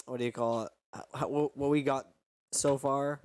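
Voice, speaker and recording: A man's voice: mid-range voice, steady tone, normal speed, a little mellow, no room sound. A young man streaming on a headset, playful and giggly as he explains his work. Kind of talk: casual stream chat.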